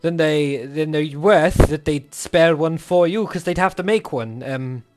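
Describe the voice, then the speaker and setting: A man's voice: fairly high pitch, measured pace, music in the background, natural voice. Man voicing a fussy apologetic merchant. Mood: fretful. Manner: apologetic, hesitant. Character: polite fussy male merchant middleman.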